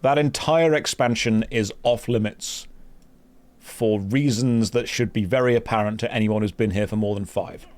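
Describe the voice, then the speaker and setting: A man's voice: lowish voice, normal speed, a little mellow. Joking man streaming a game. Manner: joking, sarcastic, reads quest text aloud. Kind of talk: casual live-stream chat while gaming.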